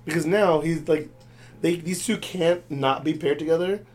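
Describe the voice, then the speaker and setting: Casting: male podcast co-host, slightly higher voice, exasperated rant. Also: normal speed, darkish tone. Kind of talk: casual wrestling recap chat.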